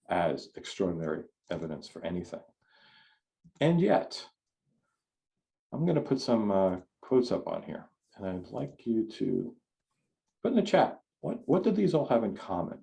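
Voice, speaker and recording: Guy with a lowish mellow voice giving a talk on a video call, chatty, lots of restarts. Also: vocal fry. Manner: conversational, rambling with frequent restarts. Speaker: speaker. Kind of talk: online forum talk.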